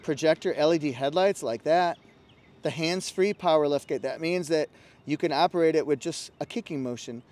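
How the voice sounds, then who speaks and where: A man's voice: fairly high pitch, moderate pace, a little mellow. A man presenting a car walkaround review for a dealership, upbeat and salesy as he points out one feature after another.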